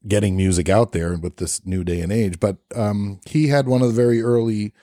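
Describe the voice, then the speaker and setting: A man co-hosting a casual chat, talking in an animated way and acting out what people said. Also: fairly low pitch, fairly quick, dry recording, clean studio sound. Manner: animated, acts out quotes. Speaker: co-host.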